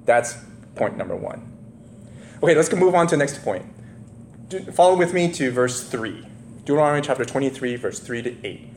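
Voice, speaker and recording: A man's voice: medium pitch, animated, fairly quick, darkish tone, a little hiss or hum. A man preaching a sermon in a loose, conversational way, retelling a scripture story and often checking in with the listeners. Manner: loose, filler-heavy retelling with restarts. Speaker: pastor.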